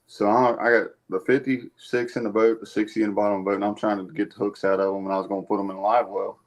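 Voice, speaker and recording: Low-voiced folksy man. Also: little pitch movement, quick pace. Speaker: guest. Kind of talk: casual storytelling chat.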